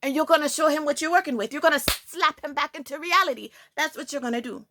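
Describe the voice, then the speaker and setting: A woman voicing her sassy female alter ego in a put-on Jamaican accent, in a hushed, conspiratorial whispered role-play that urges revenge. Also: sits high, fast talker, noisy background. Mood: egging on.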